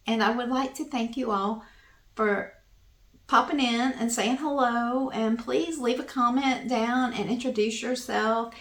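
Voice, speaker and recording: Southern lady in her 50s, homespun and earnest, middle pitch, echoey room. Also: fairly bright tone. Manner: slow, halting, homespun and earnest. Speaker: vlogger. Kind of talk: casual talk to camera.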